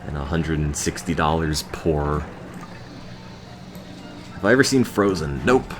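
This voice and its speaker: A young man streaming live in a deep, deadpan drone that turns sour and ranting when he gets annoyed. His pitch still jumps up and down a lot within that low register. There is faint music in the background. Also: unhurried, long pauses. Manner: deadpan monotone, with bursts of exasperated ranting. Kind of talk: casual chat on a live stream.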